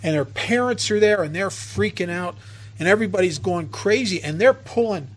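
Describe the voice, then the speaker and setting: A man in his fifties giving an earnest twelve-step recovery talk, halting and restarting as he tells stories. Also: sits high, expressive.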